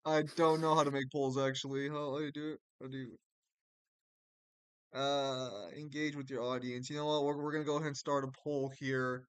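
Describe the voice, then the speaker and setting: A man hosting a casual stream, chatting loosely and swearing, with sudden animated outbursts. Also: medium pitch, fairly quick, smooth, dry recording. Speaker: streamer host.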